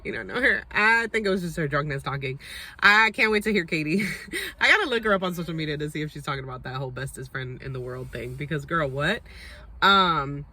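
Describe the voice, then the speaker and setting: A woman's voice: deep voice, very animated, brisk, sharp tone. A young adult woman recapping a reality dating show in a chatty, sassy, opinionated way. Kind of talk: casual recap and commentary.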